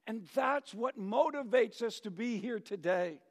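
A male pastor delivering a sermon with storytelling, swinging between loud emphasis and near-whispers, in a church sanctuary. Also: very high voice, animated, slow, creaky, long pauses. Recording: long reverb of a large church hall.

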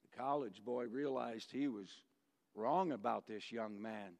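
A male pastor preaches slowly and deliberately in a gravelly, fairly high voice. His delivery swings between loud emphasis and hushed near-whispers. A long church reverb hangs after each phrase. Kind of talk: sermon with storytelling.

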